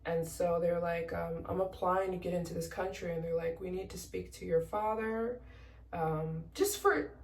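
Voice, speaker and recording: A woman's voice: on the low side, a little mellow, reverberant, distant mic. A young woman from the United States, a travel vlogger telling a story in a casual, emotional way, close to tears and acting out both sides of her conversations.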